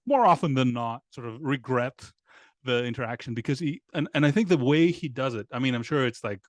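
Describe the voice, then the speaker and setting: A man talking as a podcast guest in casual conversation, halting with many restarts and fillers and laughing often. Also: mid-range voice, no room sound, clean studio sound.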